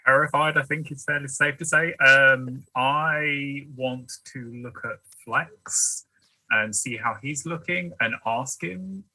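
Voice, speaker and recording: A man's voice: mid-range voice, takes it slowly, sharp tone, no room sound, rough recording. A man playing a tabletop horror game, chatting casually with stops and restarts.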